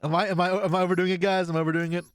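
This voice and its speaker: A man's voice: high-pitched, flat delivery, very fast, clear, resonant tone, no echo. A man casually commentating his own card game play on a live stream, joking and swearing. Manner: laid-back, jokey, swears and laughs often.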